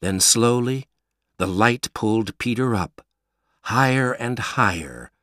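A man reading a story aloud, slow and expressive. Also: medium pitch, no echo, clean studio sound. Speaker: narrator.

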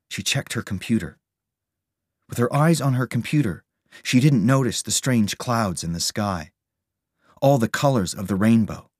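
A man reading a storybook aloud as narrator, steady and measured. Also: medium pitch, husky, no echo, clean studio sound.

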